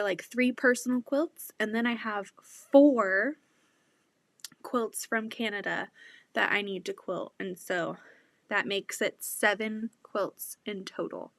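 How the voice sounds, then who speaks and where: Breathless woman quilter talking slow and chatty into her laptop, dry sound, laughs a lot. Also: fairly high pitch, no room sound. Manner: chatty, excitable, laughs often. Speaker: quilting channel host. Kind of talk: casual livestream chat. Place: home basement sewing room.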